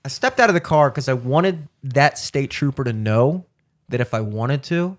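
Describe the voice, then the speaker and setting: A man's voice: medium pitch, moderate pace. Profane man telling a rambling story. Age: 30s. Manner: animated, profane, acts out quoted voices. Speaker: podcast co-host. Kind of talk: casual storytelling chat.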